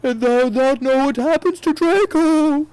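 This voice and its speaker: A man voicing a menacing evil male dark wizard who booms archaic commands in a comedic dramatic reading. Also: measured pace, dry recording, low-quality recording. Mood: booming menacing.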